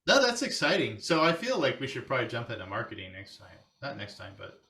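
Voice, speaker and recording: A man hosting a podcast in relaxed chat. His voice is mid-pitched, and he keeps an upbeat, affirming tone, chiming in with agreement. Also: fast. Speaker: podcast host. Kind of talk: casual chat.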